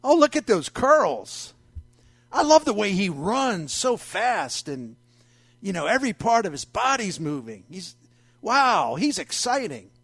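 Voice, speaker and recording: A man's voice: high voice, sing-song, unhurried, fairly bright tone, husky, no echo, exaggerated voice. A man putting on a gushing starstruck female fan.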